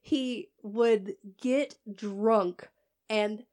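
A woman's voice: mid-range voice, extremely slow, a little mellow. A woman telling a story in casual chat, swearing freely and laughing as she goes.

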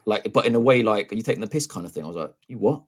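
A man's voice: fairly low pitch, rapid-fire. A man telling a long story in casual podcast chat, acting out the dialogue and swearing freely. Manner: animated, acts out both sides of dialogue, swears freely. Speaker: podcast co-host.

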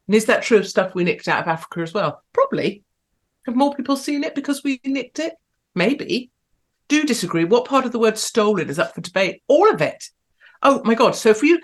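Woman hosting her live show, sarcastic and stirring things up, talks to chat, on the low side. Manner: provocative, sarcastic, big swings in pitch and loudness. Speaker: host of an online show. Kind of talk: live-stream commentary with chat.

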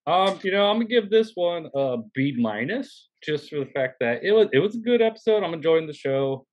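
A man's voice: a little high, lively intonation, brisk, highs cut off. A man co-hosting a podcast, talking through a TV episode in a casual, hesitant way with lots of fillers. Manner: hesitant, many fillers and trailing phrases. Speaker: podcast co-host.

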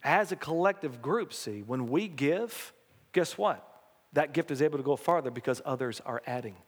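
In a folksy, animated sermon, a male pastor calls on his congregation to answer back. His slightly high, slightly rough voice moves at a normal speed and rings with long reverb, like a large church sanctuary.

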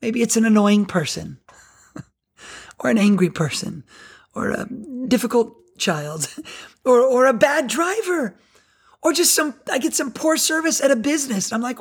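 A middle-aged woman pastor giving a sermon in a chatty, animated, self-deprecating way. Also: a little high, moderate pace, slightly rough.

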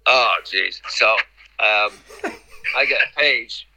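A man's voice: mid-range voice, slow, vocal fry, pushed and bright, poor audio. A middle-aged man, a podcast guest rambling through anecdotes, repeating words and acting out the dialogue. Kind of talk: casual anecdotal storytelling.

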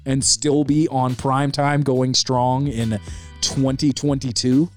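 Male podcast host in his forties, easygoing and rambling, mid pitch, faint music in the background. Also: level tone, slow pace. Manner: laid-back, rambling, says man and dude a lot. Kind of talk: casual podcast chat.

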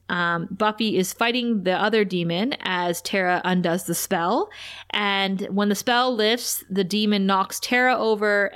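A woman co-hosting a casual podcast, briskly retelling a TV episode scene by scene, quoting the characters and laughing often. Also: mid-range voice, fairly bright tone, smooth. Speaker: podcast co-host recapping a TV episode. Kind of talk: casual chat, animated episode recap.

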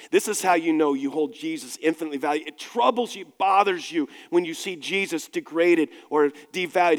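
Man, pastor, sermon, chatty anecdotes, higher male voice, long reverb. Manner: conversational, self-deprecating storytelling.

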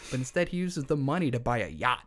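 A man's voice: medium pitch, big pitch swings, fast, a bit bright. Irreverent man telling a story. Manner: irreverent, wry asides. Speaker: podcast co-host. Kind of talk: casual comedic storytelling.

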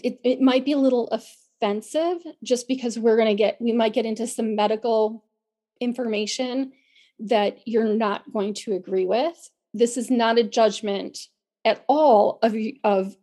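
A woman with a slightly high voice and a worn, fraying tone, as if she is losing her voice. She talks earnestly on a podcast, stumbling and restarting her sentences as she explains things to her listeners. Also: fairly even intonation, measured pace, warm tone. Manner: earnest, repeats words and restarts often. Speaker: podcast co-host. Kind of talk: casual podcast talk.

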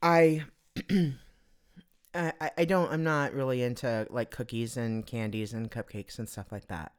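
A woman with a smooth, rumbling low voice keeps a steady tone and measured pace. Alone on her own podcast, she chats casually, rambling, giggling and making fun of herself.

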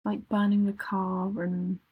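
A woman's voice: mid-range voice, monotone, unhurried, husky, phone-quality sound. A woman co-hosting a casual music podcast, rambling and laughing as she talks. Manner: rambling, self-interrupting, laughs often. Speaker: podcast co-host. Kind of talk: casual chat about music.

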